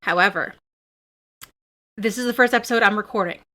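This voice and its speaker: A woman hosting and running a tabletop game as dungeon master, with a quick, playful, animated way of talking. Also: medium pitch.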